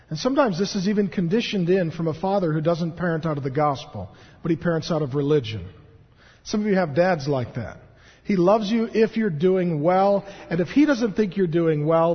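A man in his thirties preaching a sermon as a pastor, animated and joking as he tells stories. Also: fairly high pitch, slightly rough. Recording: dull, echoey hall recording.

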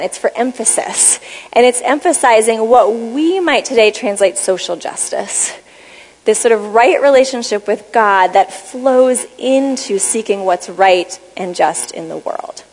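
A woman giving a teaching talk, explaining Bible words and reading passages aloud in a measured, explanatory way. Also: on the high side, big-room sound, low-quality recording. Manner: measured, explanatory, reads scripture aloud slowly. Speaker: speaker on Bible study.

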